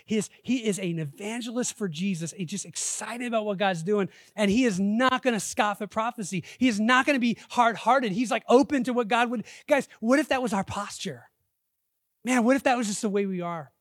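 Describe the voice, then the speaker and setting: High-voiced animated male pastor. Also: dry recording, studio quality. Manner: conversational and animated, acts out quotes. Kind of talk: sermon.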